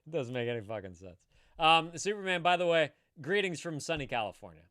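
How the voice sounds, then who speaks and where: Lively, joking man. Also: fairly high pitch, fairly quick, clear, resonant tone, no room sound, studio quality. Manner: animated, swearing freely, jokey. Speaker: stream host. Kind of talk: casual live-stream chat.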